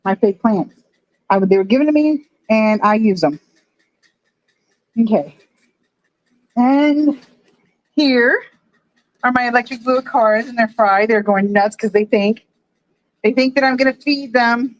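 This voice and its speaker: A woman's voice: on the high side, unhurried, pauses often, dry recording, lo-fi sound. A woman live-streaming from her phone at home, swearing and grumbling at her equipment while she shows her fish tanks to the chat. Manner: frustrated, swears a lot, talks to chat. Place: home room with aquariums.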